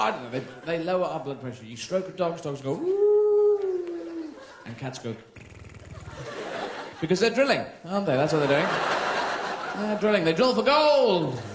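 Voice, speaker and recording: British man in his thirties, stand-up, playful and rambling, lively up-and-down voice, echoey theatre sound. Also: fairly high pitch, very noisy. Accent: British English. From England. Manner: rambling, playful, jumps into silly character voices. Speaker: stand-up comedian. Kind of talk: surreal stand-up routine. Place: large theatre stage. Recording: echoey live theatre recording.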